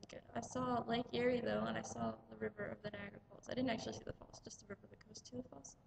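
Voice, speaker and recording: Chatty young woman with a gravelly edge. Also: fairly high pitch, fairly even intonation, fast talker, background noise. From United States. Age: young adult. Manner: chatty, rambling, lots of "like". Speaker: vlogger. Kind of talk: casual travel vlog storytelling.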